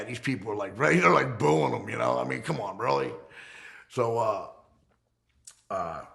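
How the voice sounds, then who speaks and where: A middle-aged man in a documentary interview, telling his own story bluntly, full of profanity, and acting out heated confrontations. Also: gravelly. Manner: profane, blunt, re-enacts heated confrontations with swings in pitch and loudness. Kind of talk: unfiltered storytelling in a fireside chat.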